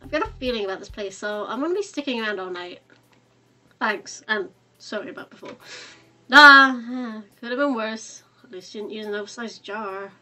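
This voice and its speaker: A woman's voice: a little high, animated, moderate pace, pushed and bright. A woman voicing a moody, impatient teenage boy Cupid who sounds sulky and exasperated. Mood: weary.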